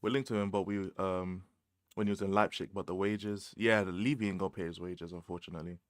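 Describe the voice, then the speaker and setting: Fast and level in a low voice, a young London-accented man chats about football on a livestream, full of slang, repeated phrases and laughter. The studio-quality audio has no room sound.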